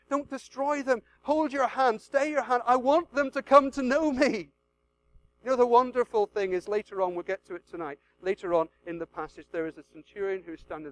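A man preaching a sermon, swinging from loud urging to hushed pleading, repeating phrases and acting out prayers. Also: sits high, poor audio.

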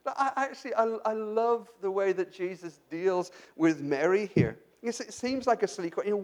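High-voiced man preaching a conversational sermon. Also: lively intonation, moderate pace. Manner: conversational, with frequent restarts and rhetorical questions; addresses the congregation directly. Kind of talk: sermon, Bible exposition.

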